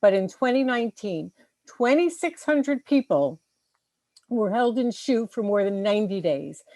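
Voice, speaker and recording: A woman executive director giving a prepared advocacy speech, measured and full of figures. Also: medium pitch, a little mellow, no room sound. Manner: measured, statistic-heavy advocacy. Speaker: civil liberties group director. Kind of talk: prepared press conference speech.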